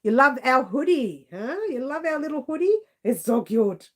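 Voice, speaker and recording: A chatty Australian woman on a live stream, her voice sitting a touch high. She talks loosely and giggles as she answers viewer comments. Her delivery is casual and unscripted. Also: lively intonation, moderate pace.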